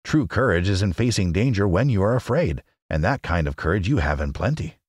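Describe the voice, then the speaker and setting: A meek little humbug wizard with a low voice and a lively, mild way of explaining, as a man puts him on. The reading is dry and close, in storybook style. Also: a little fast, slightly rough, dry recording. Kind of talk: audiobook character reading.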